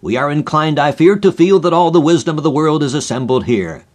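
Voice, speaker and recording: A man's voice: a little high, lively intonation, fairly quick, pitched above the performer's own voice. A man voicing a formal, courteous male chairman of an assembly. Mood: humbled.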